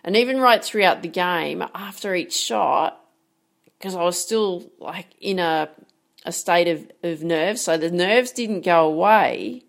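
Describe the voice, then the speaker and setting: A woman's voice: lowish voice, gravelly. Emphatic woman coaching nerves. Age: 40s. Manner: earnest, emphatic, asks rhetorical questions. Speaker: sports mindset coach. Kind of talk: direct-to-camera coaching talk.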